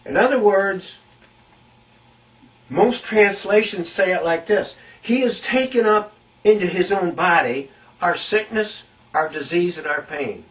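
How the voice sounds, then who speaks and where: A high-pitched man preaching a Bible teaching sermon in a slow, deliberate way. He leans on key phrases and says them again for weight. His voice comes from some distance off the mic. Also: fairly bright tone.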